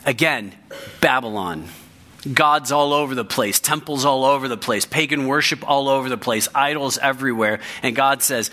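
A man's voice: medium pitch, normal speed, pushed and bright. A man, a pastor, preaching a sermon with emphasis and often repeating key phrases for weight.

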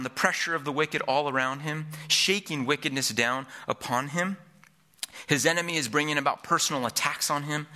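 A man's voice: on the high side, sharp tone. A middle-aged man preaching a sermon as pastor, earnest, repeating each point for emphasis.

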